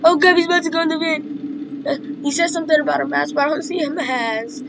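A woman's voice: sits high, fairly even intonation, quick pace, vocal fry, noisy background. A young woman doing casual game roleplay commentary, playful, humming little sound effects and breaking into sudden squeals. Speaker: roleplay gamer. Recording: game music underneath.

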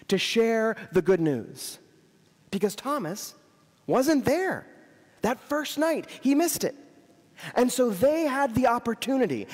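A man's voice: high voice, a little mellow, big-room sound. A man preaching an Easter sermon in a church, conversational in tone and repeating words for emphasis. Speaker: Episcopal priest preaching.

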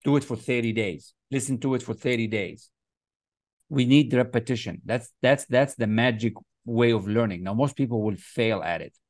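His voice is mid-range and darkish, delivered at normal speed on a clean, dry studio recording. The man is a success coach teaching a motivational class online, using a mouse to write on screen, and he emphatically repeats phrases and chants affirmations.

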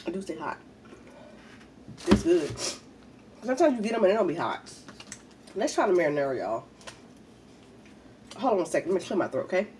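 Woman, casual mukbang chatter, slightly low voice, congested, distant mic, faint room noise. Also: very animated, a little fast, long pauses. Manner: chatty, talks while eating. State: congested from a head cold. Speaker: mukbang vlogger.

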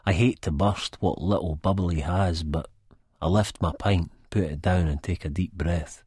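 Deep, husky Scottish male narrator. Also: moderate pace, darkish tone, dry recording, clean studio sound. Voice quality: broad dialect delivery, sweary and blunt. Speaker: audiobook narrator. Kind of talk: first-person audiobook narration.

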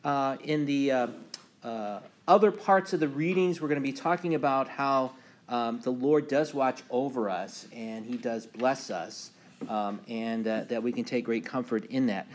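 A man's voice: mid-range voice, measured pace. A man teaching a morning Bible class as pastor, talking loosely with many fillers and reading scripture aloud with emphasis. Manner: relaxed, many ums and uhs, reads scripture aloud with emphasis.

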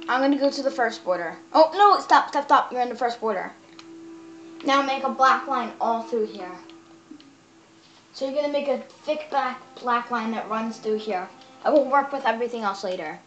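Chatty, bossy woman with raised pitch. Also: normal speed, pauses often, a bit bright, a little hiss or hum. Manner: chatty, bossy, shushing a friend while explaining. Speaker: gaming channel host. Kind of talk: casual gameplay tutorial. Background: background music.

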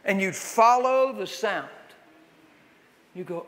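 A man preaches to a crowd in a big echoing hall, his voice pitched high for a man. He tells his stories with animation and breaks into acted voices and wailing. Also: animated, slow, a bit bright, slight background noise. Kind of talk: sermon. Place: large hall with audience. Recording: long hall reverb.

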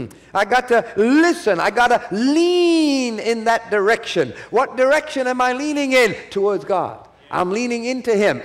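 A man preaching a sermon at a church conference, repeating key phrases and calling for the audience to answer back. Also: extremely high pitch.

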